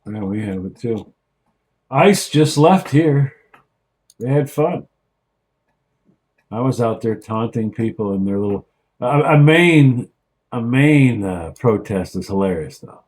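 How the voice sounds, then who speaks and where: A man's voice: medium pitch, takes it slowly, pauses often. Man co-host, swears a lot, spins stories with put-on voices, mid-range voice. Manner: animated storyteller who acts out quotes in mock voices. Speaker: co-host of a beer review show. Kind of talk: casual profane banter.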